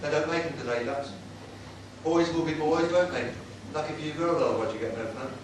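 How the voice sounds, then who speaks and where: A cheeky old-time music-hall comic, as a man puts him on, rattling off saucy gags with brisk patter. His voice sits a little high. It comes from far off the mic in a very roomy venue with loud background noise. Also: lightly acted. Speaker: tribute act comedian. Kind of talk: live stand-up with saucy gags. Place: live venue with an audience.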